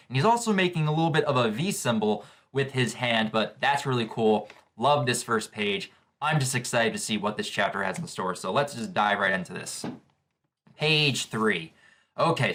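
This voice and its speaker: A man's voice: medium pitch, a bit bright. A man hosting a live manga reaction video, eagerly describing each panel as he reads along. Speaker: manga reaction channel host.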